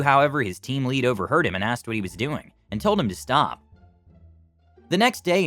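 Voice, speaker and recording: A man's voice: mid-range voice, fairly bright tone, no room sound. A man reading reader-submitted stories aloud as scripted narration.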